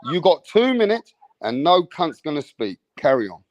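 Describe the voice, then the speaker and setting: A man with a fairly high voice hosts a heated live stream debate and firmly keeps everyone to time. His speech is brusque and dry, recorded close on an online call mic. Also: sing-song, moderate pace, no room sound, lo-fi sound. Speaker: host and moderator.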